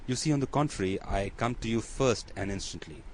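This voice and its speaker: A man reads a composed nobleman who speaks in low, measured sentences. He is cool and commanding. A faint noise floor sits under the audiobook recording. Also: close to an everyday voice.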